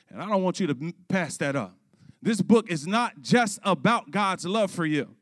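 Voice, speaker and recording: A man's voice: sits high, fairly bright tone, dry recording. A man preaching a sermon to his church, speaking passionately and calling out to the congregation. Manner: impassioned preaching, addressing the congregation directly. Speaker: pastor.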